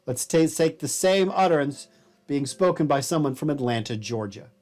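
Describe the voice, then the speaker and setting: A man's voice: on the high side, animated, moderate pace, darkish tone. A man giving a casual, explanatory college lecture, with a self-deprecating manner.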